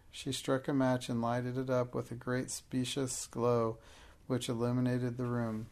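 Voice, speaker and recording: Man reading a storybook aloud, gravelly, pretty flat delivery. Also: medium pitch, measured pace. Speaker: audiobook narrator. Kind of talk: storybook narration.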